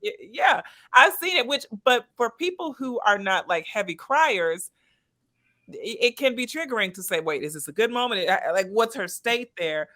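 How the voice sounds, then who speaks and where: A woman host responding warmly and enthusiastically to her guests, affirming them often. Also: on the high side, animated, moderate pace. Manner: affirming and enthusiastic, with frequent "yeah" and "mm-hmm". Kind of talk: interview conversation.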